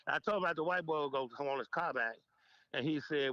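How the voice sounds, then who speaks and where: A man's voice: fairly high pitch, fast, dry recording, lo-fi sound. An older man telling club stories in an interview, acting out dialogue and laughing often. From Memphis, United States. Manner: animated storyteller, acts out quoted dialogue, laughs often. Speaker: interview guest, veteran club DJ. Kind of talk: storytelling in casual interview.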